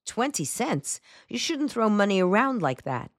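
A woman voicing a spirited young woman who teases with lively, mocking banter. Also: medium pitch, measured pace, no room sound, clean studio sound, pitched above the performer's own voice. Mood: teasing.

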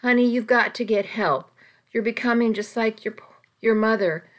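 A woman's voice: fairly high pitch, moderate pace, lightly acted. A woman reading as a caring, stern aunt. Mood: concerned, stern. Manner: gentle but stern, pleading. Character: caring, firm middle-aged aunt. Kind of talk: audiobook reading.

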